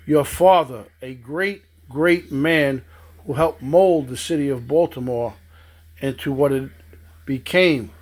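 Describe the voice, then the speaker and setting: A man's voice: medium pitch, takes it slowly. A man giving a stern political monologue, accusing and addressing people directly. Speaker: political commentator.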